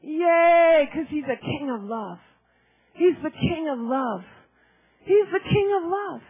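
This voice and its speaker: A woman preaching ecstatically at a church meeting, shouting exclamations and breaking into laughter and tears as she speaks. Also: high voice, expressive, slow, no echo. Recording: tinny phone-like live recording.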